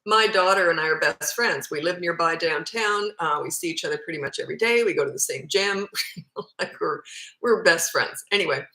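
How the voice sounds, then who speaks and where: A woman's voice: on the low side, fairly quick, sharp tone, reverberant, poor audio. A woman in her fifties, a parenting coach, answering viewer questions in a blunt, matter-of-fact way. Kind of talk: casual Q&A advice.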